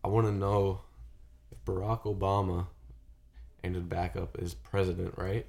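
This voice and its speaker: A man's voice: low voice, level tone, measured pace, creaky, a little mellow. A young man co-hosting a podcast, loose and swearing as he sets up comedy bits. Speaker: podcast co-host. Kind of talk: casual chat.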